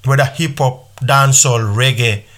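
A man's voice: mid-range voice, moderate pace, fairly bright tone. A man with a Sierra Leonean Krio accent, hosting a casual interview in a chatty way, often restarting and repeating himself. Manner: chatty, repetitive restarts, laughs while talking. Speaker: host. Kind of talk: casual radio-style interview.

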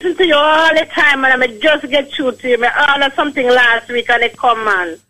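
A woman's voice: sits high, fairly quick, sharp tone. A woman caller with a Jamaican accent, eagerly giving a patois testimonial. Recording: phone call on radio.

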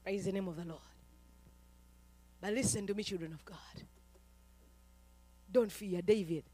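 A woman preacher from Uganda, giving a fervent sermon that swings between quiet talk and shouting. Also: medium pitch, measured pace, breathy edge.

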